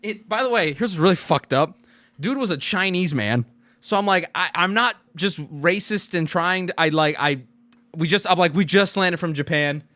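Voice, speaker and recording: A man's voice: high-pitched, moderate pace. A jet-lagged man hosting a casual livestream chat, rambling and swearing as he talks. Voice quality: animated, profane, rambling. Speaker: streamer host.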